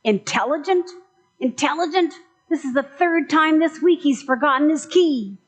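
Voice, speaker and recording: A woman's voice: sits high, normal speed, voice pushed up, close to an everyday voice. A woman voicing an exasperated man who scolds his forgetful dog while telling a joke in a sermon. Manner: incredulous, raised.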